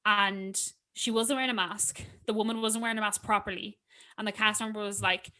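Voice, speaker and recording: A young Irish woman talks on her podcast in a loose, chatty way, with plenty of fillers as she tells a story. Her voice sounds bright and clear. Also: mid-range voice, fairly even intonation, quick pace. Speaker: podcast co-host. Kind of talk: casual chat.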